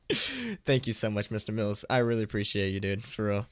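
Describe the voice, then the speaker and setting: This man's low voice comes across animated and a little fast as he reads a horror story live from home. He keeps tripping over words and laughing at himself, chatting with donors and thanking them between passages.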